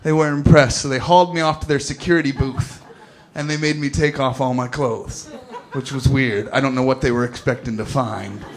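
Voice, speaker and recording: A man's voice: mid-range voice, fairly even intonation, a little fast, few pauses. A young man doing stand-up and then chatting as a guest, telling stories in a laid-back, self-mocking way. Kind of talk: stand-up set then chat-show interview. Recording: noisy live venue recording.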